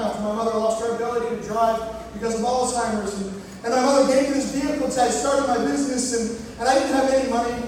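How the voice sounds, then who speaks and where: Man, motivational speaker, keynote for students; very high voice, booming echo of a big hall, mic far off. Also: a little hiss or hum. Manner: animated storytelling, acts out quoted voices. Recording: echoey hall recording from far off.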